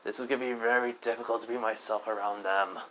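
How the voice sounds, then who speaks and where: A man playing an earnest young hero student, rambling, bright voice. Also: lowish voice, fairly even intonation, fast, slight background noise, lightly acted, low-quality recording.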